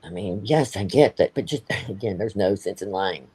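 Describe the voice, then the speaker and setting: A man's voice: lowish voice, moderate pace, mellow, husky. A man hosting a livestream, talking in a heated, blunt way, swearing and repeating himself. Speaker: livestream host. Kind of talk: ranting live-stream chat.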